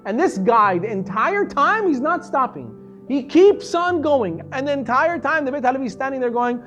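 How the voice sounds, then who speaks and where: Animated rabbi telling a story. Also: male voice, normal speed, faint music behind. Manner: animated storyteller, acting out quoted voices, pitch swinging from soft to loud. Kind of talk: storytelling lesson.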